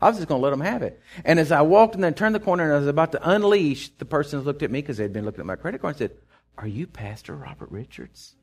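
A middle-aged man with a Texan accent, preaching a sermon in a folksy storytelling way, swinging from loud to hushed. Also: on the high side, animated, very fast, few pauses. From Texas. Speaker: pastor.

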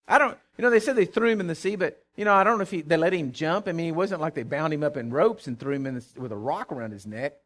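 A man preaching a conversational sermon, reading scripture aloud and commenting with animated asides and repeated words. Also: fairly high pitch, quick pace.

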